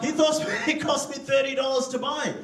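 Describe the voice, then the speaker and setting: Man from Africa doing stand-up, high voice, loose and profane, distant mic, crowd laughing in a roomy club. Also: little pitch movement, moderate pace, fairly bright tone. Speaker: stand-up comedian. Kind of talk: stand-up routine. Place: comedy club stage. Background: audience laughter.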